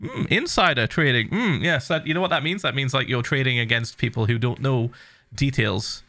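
A man's voice: medium pitch, lively intonation, moderate pace, pushed and bright. A man streaming a game, ranting animatedly and swearing a lot in an exasperated, casual way. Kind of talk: casual gaming stream chat.

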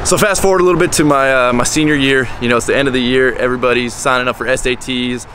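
A man's voice: mid-range voice, fairly even intonation, fast talker, hardly any pauses, background noise. A man in his twenties, a contractor, talking candidly and bluntly in a casual vlog, swearing now and then. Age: 20s.

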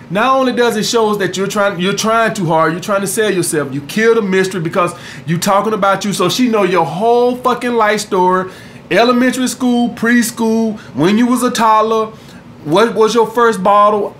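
High-voiced, blunt, profane man. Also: moderate pace, a bit bright, slight background noise. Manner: blunt and profane, keeps asking "all right?". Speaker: dating coach. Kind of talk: casual vlog monologue.

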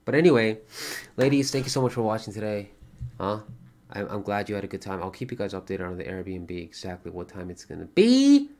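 Speaking briskly in a fairly low voice, this man livestreams in a casual way, thanking his viewers and donors, swearing often, and erupting into bursts of excitement.

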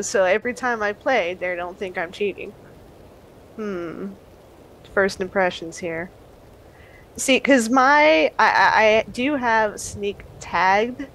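A woman playing a tabletop game, speaking slowly and musing aloud as she plays. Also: mid-range voice, a bit bright, a little hiss or hum, poor audio. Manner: slow, musing, laughs often. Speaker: player. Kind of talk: casual tabletop play.

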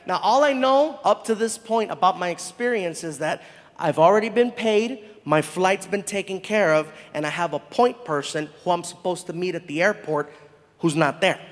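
A man telling a stand-up story in an animated way, acting out the people in it. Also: high voice, moderate pace, big-room sound. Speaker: stand-up comedian.

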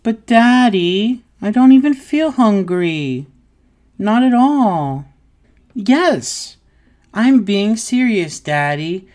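A woman's voice: medium pitch, animated, extremely slow, a little mellow. A woman doing a whiny, clingy childlike little boy. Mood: stubborn protest. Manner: whiny, pleading and giggly. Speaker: audio role-play creator. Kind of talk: audio role-play.

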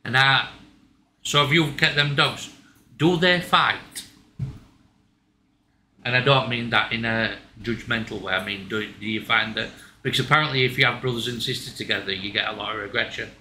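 Blunt man, sharp bright voice. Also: mid-range voice, steady tone, moderate pace. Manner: blunt, stammering restarts, swears. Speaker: co-host. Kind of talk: casual chat. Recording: echoey room, faint ambient noise.

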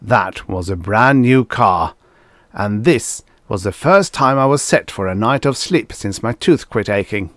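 A man voicing a gruff, blustering old retired general who bellows and barks orders. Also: on the low side, lively intonation, unhurried, no room sound. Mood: stern.

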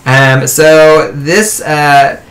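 A man's voice: a little high, steady tone, extremely slow, a bit bright. A man co-hosting a casual comic book podcast, rambling through a plot recap with lots of fillers and laughter. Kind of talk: casual chat.

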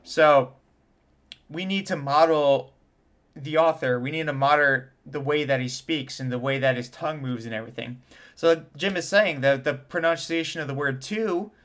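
A trumpet teacher in his home studio reacts to an interview in front of a camera, explaining casually and sounding out vowels and tonguing syllables as examples. His voice is a little high with a fairly bright tone.

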